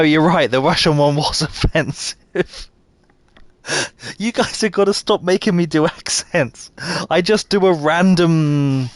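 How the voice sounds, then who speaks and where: British gaming streamer, light and self-deprecating, a little high-pitched, dry and close-miked. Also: male voice, no room sound. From Britain. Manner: self-deprecating, quick asides to chat, laughs often. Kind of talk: casual live gameplay commentary.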